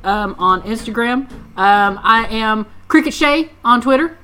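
A woman's voice: fairly high pitch, expressive, unhurried, sharp tone. Chatty laughing woman co-host. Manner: laughs often, chatty storytelling. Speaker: podcast co-host. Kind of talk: casual chat.

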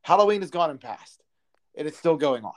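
A man co-hosting a political podcast in casual chat, animated and stumbling over restarts when he gets worked up. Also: fairly high pitch, brisk. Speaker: podcast co-host.

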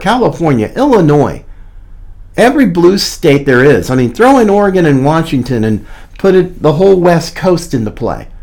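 A man's voice: on the high side, darkish tone. A man hosting a podcast, giving a combative, mocking opinion monologue. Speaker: podcast host.

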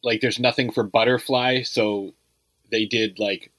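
A man's voice: lowish voice, steady tone, a little slow, a bit bright, no echo, low-quality recording. A man co-hosting a casual movie review podcast, talking in a loose, rambling way full of "like" and "you know.". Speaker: podcast co-host.

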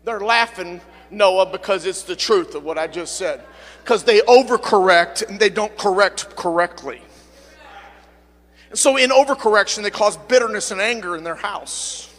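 A middle-aged man preaching a sermon as pastor, swinging from fervent shouting to quieter, conversational talk. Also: sits high, normal speed, long reverb tail. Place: church sanctuary, at the pulpit.

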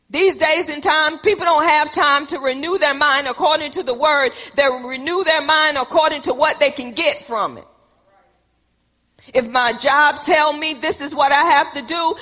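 Woman preacher, high and bright, emphatic repetitive delivery, long hall reverb. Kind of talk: sermon.

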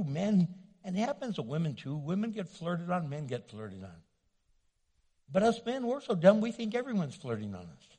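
Loud animated male pastor preaching. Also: sits high, big-room sound. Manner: loud, animated, playful with acted asides. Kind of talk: sermon. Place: church sanctuary.

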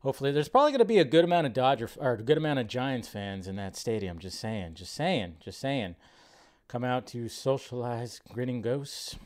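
A man's voice: mid-range voice, animated, a little fast, a little mellow. A young man hosting a casual live stream, chatting loosely and greeting viewers by name. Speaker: live show host.

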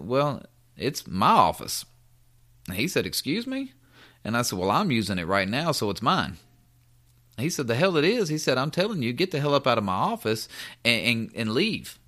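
Earnest union rep man, bright voice. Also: lowish voice. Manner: earnest, repeats words, laughs while telling stories. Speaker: union representative. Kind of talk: casual storytelling talk.

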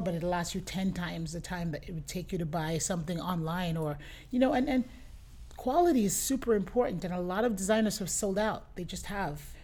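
A middle-aged woman who owns a boutique, chatting as an interview guest and telling lively anecdotes, often acting out what her customers said. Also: on the low side. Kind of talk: casual interview storytelling.

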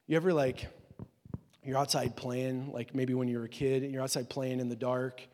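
A pastor preaching a sermon in a casual, conversational way, swinging between loud, high exclamations and soft, low asides. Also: male voice, steady tone, a little fast. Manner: casual, conversational preaching with many fillers and restarts. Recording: long hall reverb.

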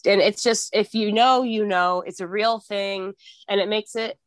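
A woman's voice: mid-range voice, steady tone, a little slow, dry recording. A young woman as a podcast guest and author, speaking candidly and freely about her life, rambling and swearing often.

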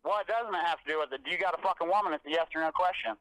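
Brief: high-pitched aggressive man phoning in to threaten the host, quick and profane. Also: a bit bright, no room sound, low-quality recording. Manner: aggressive, threatening, heavy cursing. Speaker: angry caller. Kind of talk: profane phone rant.

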